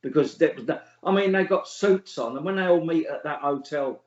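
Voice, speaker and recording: In an echoey room with dull lo-fi audio, a middle-aged man from England talks as the guest in a casual interview. His pitch is fairly high and his pace a little fast. He comes across blunt and scornful, swearing plenty and laughing at his own stories.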